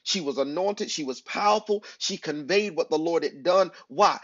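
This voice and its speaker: A male preacher with a high, husky voice delivers an emphatic sermon, repeating his points and calling out to the congregation. He swings between loud bursts and quiet asides. The sound is dull and lo-fi, like a church livestream. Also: normal speed, few pauses. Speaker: pastor. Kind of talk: energetic sermon to an online congregation.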